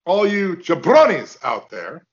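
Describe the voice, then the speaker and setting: A man's voice: high-pitched, wildly swooping pitch, unhurried, muffled recording, pitched above the performer's own voice, full character voice. A man voicing a brash, boastful wrestling strongman who barks threats and pushy commands.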